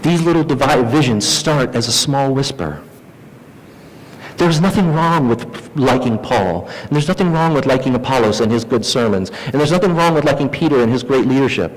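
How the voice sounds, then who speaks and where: A man's voice: lively intonation, moderate pace. A man preaching a sermon as pastor, who acts out the voices of the people he quotes. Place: church hall. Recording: reverberant church hall with faint rumble.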